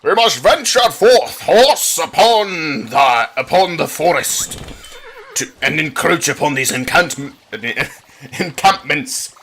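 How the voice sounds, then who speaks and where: Brief: a man doing a blustering pompous king, high, loud and bright-toned. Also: animated, takes it slowly, a little hiss or hum, full character voice. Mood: grandiose. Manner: shouting orders, grandiose. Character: bellowing pompous male king.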